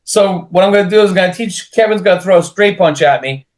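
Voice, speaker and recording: Animated man telling stories. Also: sits high, fast. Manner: animated, acts out voices in anecdotes. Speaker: martial arts instructor and interviewer. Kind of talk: casual storytelling conversation.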